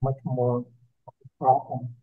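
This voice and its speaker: A man, a board trustee, asking brisk procedural questions during a public board meeting. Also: medium pitch, flat delivery, narrow, tinny audio.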